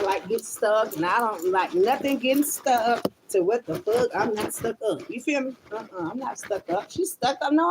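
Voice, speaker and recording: A woman's voice: mid-range voice, a little hiss or hum. Blunt, rambling woman swearing casually. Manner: blunt, rambling, swears freely, calls viewers child and honey. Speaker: online spiritual reader. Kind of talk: casual livestream monologue.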